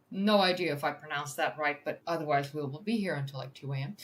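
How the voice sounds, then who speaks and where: A woman's voice: low-pitched, fast talker, hardly any pauses, a little hiss or hum. Chatty woman streamer. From Netherlands. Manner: chatty, laughs easily, stumbles over pronunciations. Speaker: livestream host, science communicator. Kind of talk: casual livestream chat and reading articles aloud.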